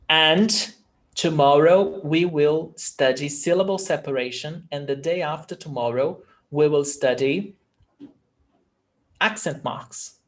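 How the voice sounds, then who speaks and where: A man with a Brazilian accent leads an online Portuguese lesson over a video call, moving slowly and patiently between English and Portuguese. His voice sits a little higher than most men's, and he takes his time over every word. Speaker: Portuguese teacher. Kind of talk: online language class.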